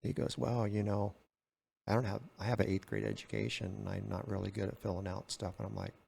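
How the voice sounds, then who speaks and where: A man's voice: fairly low pitch, animated, a little fast, gravelly, a little mellow, a little hiss or hum. An older retired man telling stories in a casual way and acting out both sides of the dialogue. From California. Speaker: retired game warden, podcast guest. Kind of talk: casual storytelling.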